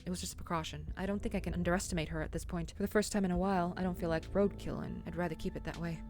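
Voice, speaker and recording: A woman voicing a shy, sickly young man in a story game, speaking quietly and in a subdued way. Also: high-pitched, fairly even intonation, racing, faint music behind, close to an everyday voice. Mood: tender.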